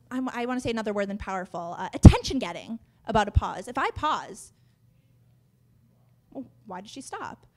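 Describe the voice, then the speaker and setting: A young woman giving a lively, chatty workshop talk on public speaking to a room, laughing between points. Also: fairly high pitch. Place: conference room.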